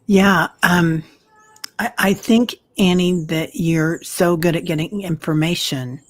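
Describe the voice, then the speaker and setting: A woman hosting a live-streamed healing chat, soft-spoken, encouraging and affectionate. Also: on the low side, slow. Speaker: host.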